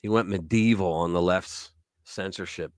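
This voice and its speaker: A man's voice: sits low, moderate pace, dry recording, clean studio sound. A man hosting a live stream, chatting casually, joking and reading news aloud. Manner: animated, joking, reads articles aloud. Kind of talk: casual commentary chat.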